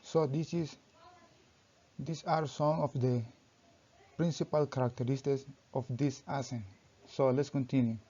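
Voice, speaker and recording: Young male student reading his presentation, mellow voice, careful and halting, muffled lo-fi sound. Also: mid-range voice, fairly even intonation, husky. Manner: halting reading, often restarting sentences with "so". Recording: dull lo-fi recording.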